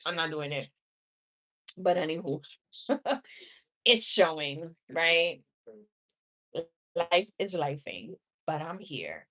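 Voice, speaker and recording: Woman, 30s, New York accent, unhurried chatty live-streamer who laughs a lot between tangents. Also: low-pitched, sing-song, a bit bright. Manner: chatty, laughs often, rambling asides. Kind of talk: casual live-stream chat with viewers. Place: home room.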